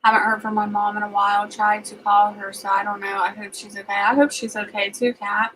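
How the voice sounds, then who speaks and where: A woman's voice: mid-range voice, level tone, a little fast, a bit bright, a little hiss or hum, rough recording. A woman with a Southern US accent, casually chatting on a livestream and reading out viewer comments as she rambles along.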